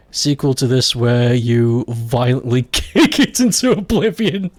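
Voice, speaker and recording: A man's voice: medium pitch, sing-song, a little slow, hardly any pauses, dry recording. A man chatting casually on a live stream, joking around, laughing often and swearing freely.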